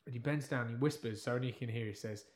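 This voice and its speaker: A man telling a long anecdote in casual chat, acting out the people in it and dropping to a hush for the quiet parts. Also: mid-range voice, fast. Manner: animated storyteller, drops to hushed tones for quotes. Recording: roomy echo.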